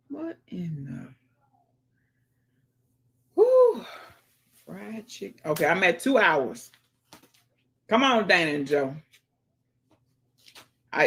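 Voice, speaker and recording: A woman's voice: mid-range voice, gravelly, fairly bright tone, slightly rough. A woman hosting a casual livestream, greeting viewers by name and chatting as she reads the comments. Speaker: livestream host.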